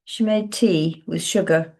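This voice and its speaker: A woman author reads from her own novel in a low voice. She takes it very slowly and keeps the narration measured and restrained. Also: steady tone, a little mellow. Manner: slow, measured, low-key.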